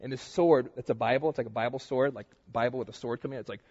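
A young man preaches in a loose, chatty way, acting out stories and what people say with lively energy. His voice sits a little high and husky. The recording is dull and muffled, with a long hall reverb trailing behind. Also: fast. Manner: animated storytelling, acts out quotes. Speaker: pastor teaching a Bible study. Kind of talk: casual sermon.

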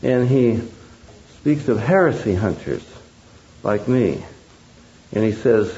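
A man's voice: lowish voice, animated, slow pace, pauses often, warm tone. A man preaching a sermon, emphatic and full of rhetorical questions to the audience. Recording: dull lo-fi recording.

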